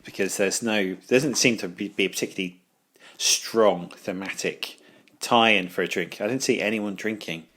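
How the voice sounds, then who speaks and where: A man's voice: lowish voice, normal speed, fairly bright tone, breathy edge. A man co-hosting a podcast, trading jokes in casual chat and laughing often. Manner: jokey banter, laughs often. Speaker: podcast co-host.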